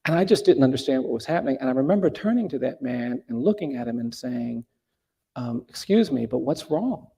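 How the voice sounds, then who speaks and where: Middle-aged guy, gravelly mellow voice, telling a personal story real earnest, lots of restarts. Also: mid-range voice, fairly quick. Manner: earnest, with frequent restarts and emphatic rises.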